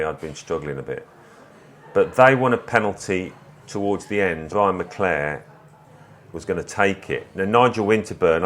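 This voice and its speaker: An English man in his fifties, a former footballer, telling stories in a relaxed interview with small restarts. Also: sits low, slight background noise. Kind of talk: reflective conversational storytelling.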